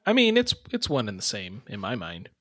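A man joking through casual podcast banter with deadpan asides. His pitch moves a lot and his tone is bright. The recording is dry. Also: fairly quick, no room sound. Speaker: co-host player.

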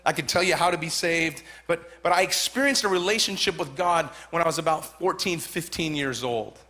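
High-voiced fervent preaching man. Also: a little fast. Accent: Southern Californian. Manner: fervent, repetitive, rising to shouts. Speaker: pastor. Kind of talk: sermon.

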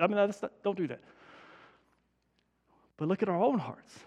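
A male pastor with a high voice delivers a conversational sermon and drives home his points by repeating them. His voice carries a long reverb from the church hall. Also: expressive, moderate pace, pauses often, a little mellow, husky. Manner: conversational preaching with emphatic repetition.

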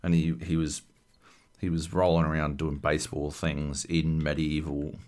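A man's voice: rumbling low, little pitch movement, moderate pace, darkish tone. A man co-hosting a podcast, giving blunt, sardonic opinions in casual chat with frequent swearing. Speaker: podcast co-host.

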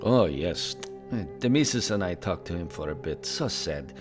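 A man's voice: low voice, expressive, moderate pace, over music, pitched below the performer's own voice. A man voicing a married middle-aged male Draenei traveler who speaks broken English and drops his articles, in an in-character tavern review podcast. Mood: plain. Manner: plain, matter-of-fact, teasing.

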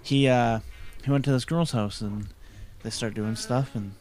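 A man chats casually on a podcast, blunt and relaxed in tone, at an ordinary pitch. Faint music plays underneath. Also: measured pace. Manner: laid-back, blunt, laughs at own stories. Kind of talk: casual chat.

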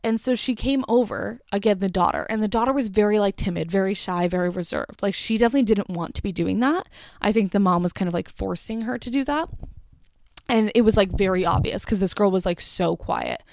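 A woman's voice: mid-range voice, fairly quick, gravelly, a little mellow, dry recording. A young woman telling an exasperated storytime rant about her cashier job, swearing and filling with "like" constantly. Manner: exasperated, swears, lots of "like" fillers.

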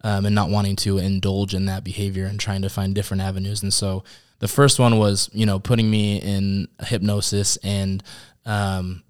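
A man's voice: low-pitched, flat delivery, a little mellow, clear, resonant tone. A young man telling his own story openly on a podcast, earnest and a little emotional, often stopping and restarting. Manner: earnest, open, halting with restarts. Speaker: podcast guest. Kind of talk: candid personal conversation.

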